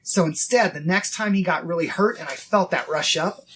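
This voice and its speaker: A man in his thirties hosting a casual faith podcast, earnest and acting out inner dialogue in quick quoted bits. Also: sits high, fairly bright tone, slight background noise. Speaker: podcast host.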